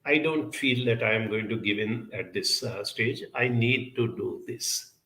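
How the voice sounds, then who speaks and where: At a conference, a man fields audience questions in an earnest, advising way, pausing often and hesitating. His voice is on the low side with a sharp tone, and the low-quality recording is reverberant.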